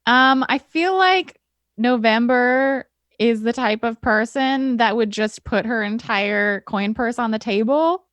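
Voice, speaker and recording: A woman's voice: fairly high pitch, slow, fairly bright tone, no room sound. A woman playing a tabletop game, casual and wry, often laughing. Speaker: player.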